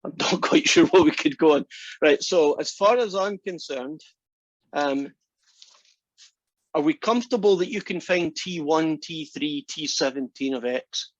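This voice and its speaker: A man's voice: a little high, measured pace, no room sound. A male math instructor giving a casual classroom lecture, chatty and joking as he talks through the steps. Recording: dry, dull lo-fi lecture recording.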